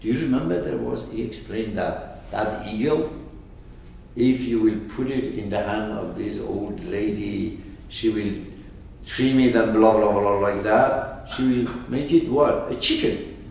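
Gravelly man telling a teaching story. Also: lowish voice, a little slow, slight background noise. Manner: animated storyteller, asks listeners questions. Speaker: teacher of a spiritual lesson. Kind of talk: storytelling lesson. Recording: echoey room, far from mic.

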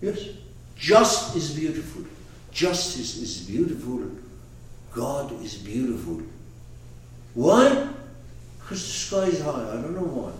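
A man teaching a lecture on a classic poet's book, emphatic and animated, often restarting and repeating words. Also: fairly high pitch, slow, long pauses. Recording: echoey room from far off.

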